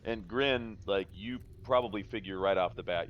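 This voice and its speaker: A man running a tabletop game as dungeon master, relaxed and jokey, trailing off with fillers. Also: on the low side, moderate pace, few pauses, highs cut off.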